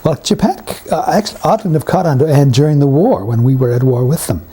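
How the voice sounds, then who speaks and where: A husky, raspy-voiced man. His tone is mellow and warm as he tells wry career anecdotes in an interview. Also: a little high, animated, fast talker. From Canada. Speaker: veteran actor and writer being interviewed. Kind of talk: reminiscing interview.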